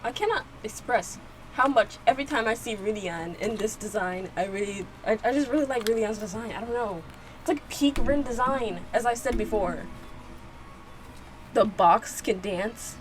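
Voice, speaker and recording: A woman giving casual reaction commentary, reading subtitles aloud and excitedly repeating herself. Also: on the high side, normal speed. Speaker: video reactor.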